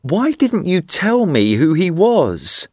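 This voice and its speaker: A man's voice: high-pitched, very animated, slow, a little mellow, no echo, studio quality, pitched above the performer's own voice, exaggerated voice. A man doing an eager, flustered young man. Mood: earnest. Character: young man, poor, kind-hearted, easily flustered.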